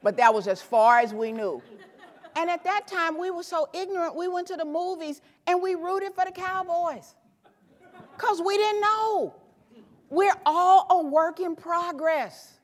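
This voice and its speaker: A woman in her fifties from Tennessee giving an animated, emphatic motivational keynote speech from a conference stage, hammering home punchy repeated phrases. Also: sits high. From Tennessee, USA. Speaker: keynote speaker. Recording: echoey hall with long reverb.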